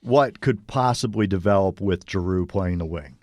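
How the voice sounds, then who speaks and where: A man's voice: low voice, moderate pace, a little mellow. A man co-hosting a hockey podcast, easygoing and laughing often in casual chat. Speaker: podcast co-host.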